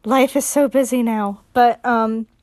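Slow, giggly woman chatting on a podcast. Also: fairly high pitch, steady tone, darkish tone, no room sound. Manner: chatty and giggly, with many fillers and restarts. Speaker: podcast host. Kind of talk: casual podcast chat.

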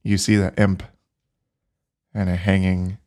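A man narrating as game master in a casual, halting way with many fillers. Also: deep voice, little pitch movement, darkish tone.

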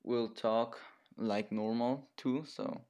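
A young man co-hosting a casual podcast, hesitant and halting as he talks. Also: mid-range voice, steady tone, dark tone. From Germany and Chile. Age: young adult. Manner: halting, hesitant, restarts a lot. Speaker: podcast co-host.

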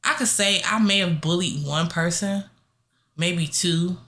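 Blunt, bright-voiced young woman. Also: measured pace. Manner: blunt, profane and animated, with sudden pitch jumps. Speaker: podcast co-host. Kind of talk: casual chat.

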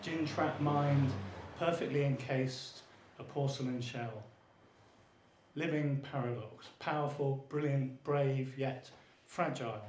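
A man's voice: medium pitch, takes it slowly, a little mellow, slight background noise. A man poet giving an earnest, lyrical poetry reading. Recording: echoey room.

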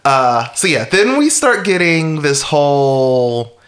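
A man's voice: on the high side, lively intonation, slow pace, a bit bright. A man casually recapping a film's plot as a podcast co-host, rambling and wry, with frequent chuckles and fillers. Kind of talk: casual chat recapping a film.

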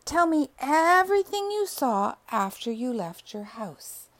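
Storybook: kind, soothing she-dog, read by a woman, slow and gentle. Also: high voice, big pitch swings. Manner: gentle and reassuring. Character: gentle golden female dog, kind and helpful.

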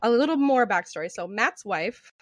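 A young woman co-hosting a podcast, telling a story with animated, profane energy and acting out what people said. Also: mid-range voice, normal speed, no echo. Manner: animated, profane, acts out quotes in raised voice. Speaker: podcast co-host. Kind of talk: storytelling chat.

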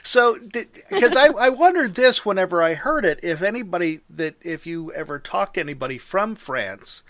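A man's voice: high voice, lively intonation, moderate pace, fairly bright tone, dry recording. A man hosting an interview, asking questions and giving brief attentive prompts. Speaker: interviewer, host. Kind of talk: radio interview.

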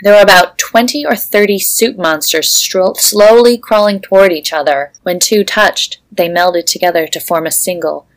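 Low-ish, giggly woman podcast host reading fan fiction aloud. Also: normal speed, hardly any pauses. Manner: giggly, laughs often while reading.

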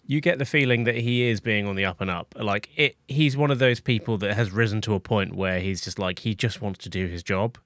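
A man narrating as game master in a relaxed, filler-heavy way. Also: on the low side, fairly quick, few pauses, no echo. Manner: relaxed, many "like" and "you know" fillers.

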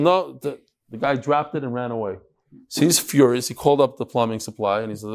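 A man teaching a Talmud class as a rabbi, telling stories in a lively way and talking straight to his students. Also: mid-range voice, a little fast, creaky. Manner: animated, talks straight to the class. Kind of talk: lively lecture with storytelling.

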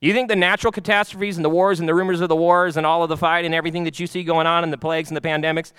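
A man's voice: a little high, flat delivery, very fast, a bit bright, smooth, no room sound. A man pastor giving a sermon in a church, moving from chatty, self-mocking stories to fervent preaching. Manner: conversational, self-mocking storytelling.

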